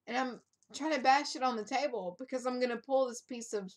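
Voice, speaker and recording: A woman's voice: high-pitched, fairly quick. A woman in her thirties telling a wild story on a casual live stream, laughing often and cursing, into a webcam mic. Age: 30s. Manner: laughing, animated, profane storyteller. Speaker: co-host.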